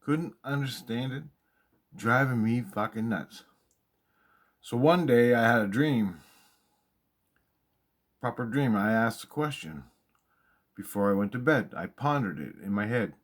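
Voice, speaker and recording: A man excitedly telling a personal story, swearing freely and repeating himself for emphasis. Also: mid-range voice, unhurried, pauses often. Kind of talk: casual spoken storytelling monologue.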